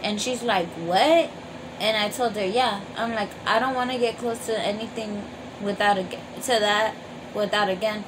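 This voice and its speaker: A woman's voice: medium pitch, normal speed, background noise. Chatty woman doing a story time while she eats, swears a lot, lots of likes and ums, voice jumps up and down. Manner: animated, lots of fillers and swearing. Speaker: vlogger telling a story while eating. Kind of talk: casual storytelling mukbang.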